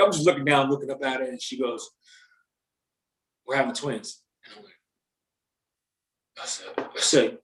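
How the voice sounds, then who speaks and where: A young man telling a story in casual chat, animated and slangy, swearing freely. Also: on the high side, fairly quick, long pauses, roomy sound.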